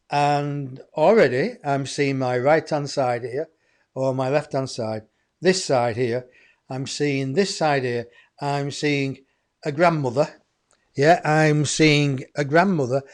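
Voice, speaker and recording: A man's voice: mid-range voice, slow. A man hosting a live psychic medium show, rambling and chatty as he talks to his viewers. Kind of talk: live-streamed channeling show.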